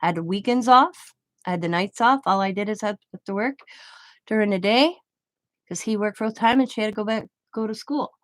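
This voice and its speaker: A middle-aged woman, a craft vlogger, tells a rambling personal story while crafting, her mid-range voice moving fairly quickly. She's casual and chatty, laughing often and frequently correcting herself mid-sentence. The recording is dry with clean studio sound.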